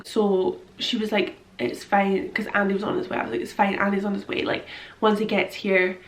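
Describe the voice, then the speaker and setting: A young woman vlogger with a mid-range voice tearfully tells a personal story to camera, rambling and using lots of fillers while quoting her own thoughts. The audio is poor and the room echoes.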